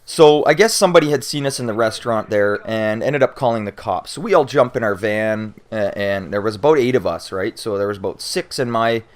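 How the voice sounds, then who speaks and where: A man's voice: fairly low pitch, fairly quick, hardly any pauses. Casual young Canadian man telling a story. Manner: animated, acts out shouting cops and panicked friends; swears freely, many fillers and restarts. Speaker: YouTuber answering viewer questions.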